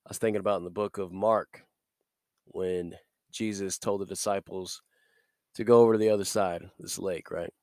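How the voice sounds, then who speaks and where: A man's voice: deep voice, steady tone, normal speed, a little mellow, no room sound, clean studio sound. A man hosting a short devotional podcast, talking upbeat and preachy while getting over a cold. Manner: upbeat and preachy, laughs between points. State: recovering from a cold. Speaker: podcast host.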